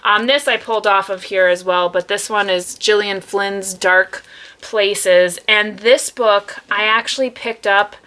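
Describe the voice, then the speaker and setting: Chatty woman with a bright voice. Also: medium pitch, steady tone, measured pace, clean tone. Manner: rambling, chatty storytelling with many fillers. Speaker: book vlogger. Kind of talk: casual chat. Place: room at home.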